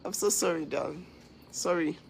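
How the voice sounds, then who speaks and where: A woman's voice: on the low side, normal speed, vocal fry, a little hiss or hum, rough recording. A woman hosting a casual livestream, talking earnestly to viewers, giving advice and thanking them. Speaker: livestream host.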